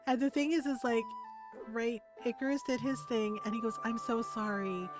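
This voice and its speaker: A woman's voice: on the high side, normal speed, music in the background. A woman streamer telling a rambling neighbor story while she games, tagging her sentences with "right?" and acting out the people in it. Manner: animated, acts out other people's lines. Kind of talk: casual storytelling while gaming.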